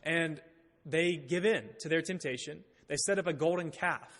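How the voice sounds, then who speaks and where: A man's voice: a little high, normal speed, fairly bright tone. A man preaching a sermon in a church, reading scripture aloud and explaining it with light humor. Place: church sanctuary. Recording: long reverb in a church hall.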